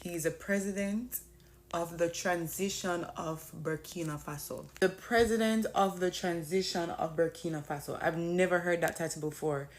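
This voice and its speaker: A woman from Jamaica giving casual, animated commentary that turns into emphatic declarations. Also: on the low side, normal speed. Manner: animated, emphatic, mixes chat with passionate declarations.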